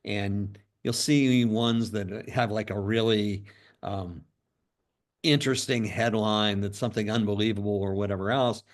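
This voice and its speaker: Relaxed man co-hosting a podcast. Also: fairly low pitch, measured pace. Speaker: podcast co-host. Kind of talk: casual discussion.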